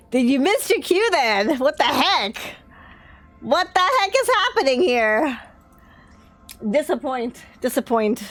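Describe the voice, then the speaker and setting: A young woman streams a game live and chats in a slow, unhurried way, her tired voice rising and falling widely. She mutters to herself and laughs often. Faint music plays behind her. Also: very high voice, big pitch swings, fairly bright tone, no room sound. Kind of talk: casual live-stream chat while playing.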